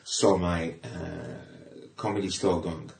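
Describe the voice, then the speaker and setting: A middle-aged man from England, a comedian chatting casually on a podcast, animated, repeating himself, with sudden loud rises. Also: sits low, slow pace, creaky, echoey room. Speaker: comedian guest.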